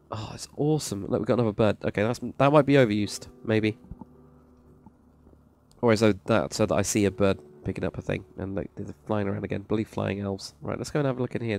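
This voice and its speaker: On the low side with vocal fry and a darkish tone, this man's voice carries a slight hiss or hum in the recording. He reviews Minecraft server plots, touring a build with casual, rambling enthusiasm and freely given praise, over faint background music.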